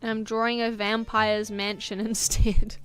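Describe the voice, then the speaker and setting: Brief: young New woman, slightly high voice, rambling self-mocking streamer chat, faint music underneath. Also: flat delivery, measured pace, fairly bright tone, clean tone. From New Zealand. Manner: rambling, self-mocking, laughs between thoughts. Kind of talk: casual chat while drawing on stream.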